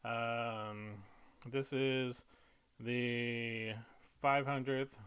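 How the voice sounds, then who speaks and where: A man writing comedy and thinking aloud, halting and muttering to himself, now and then slipping into silly voices. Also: medium pitch, fairly even intonation, a bit bright, clear, resonant tone. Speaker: comedy writer.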